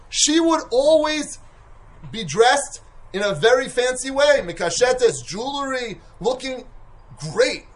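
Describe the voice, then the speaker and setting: A man, a yeshiva mashgiach, giving an animated Torah lecture that swings from loud emphasis to soft asides and is peppered with Hebrew and Yiddish terms. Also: high-pitched.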